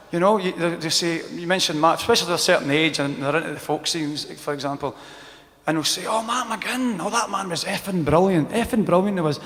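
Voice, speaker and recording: A man's voice: a little high, fairly bright tone, long reverb tail. A Scottish man, a folk singer telling rambling stories between songs at an outdoor gig, breaking into song now and then. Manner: chatty, rambling, bursts into song. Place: outdoor square at a live event.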